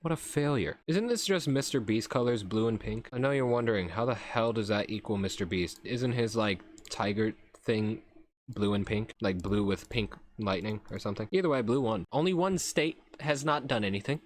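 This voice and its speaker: A man's voice: on the low side, moderate pace, a little hiss or hum. A young man casually commentating a wheel-spin game, sarcastic and self-mocking, swearing now and then. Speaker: YouTube commentator.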